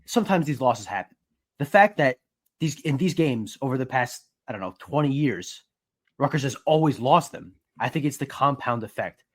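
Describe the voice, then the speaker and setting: Brief: man, sports reporter, measured and analytical, mid pitch. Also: lively intonation. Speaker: sports reporter and podcast co-host. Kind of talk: casual sports podcast chat.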